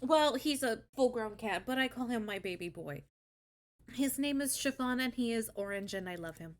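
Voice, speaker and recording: A woman's voice: on the high side, animated, normal speed. A young woman hosting a live stream, chatting casually and swearing freely as she reacts to stories. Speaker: streamer host.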